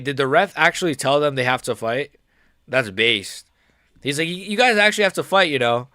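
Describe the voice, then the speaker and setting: A man's voice: fairly high pitch, bright, forceful tone, no room sound, studio quality. A young man doing casual live commentary on a fight stream, with slangy, rambling speech and blunt, mocking opinions. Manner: slangy, rambling, frequent "bro" and "like".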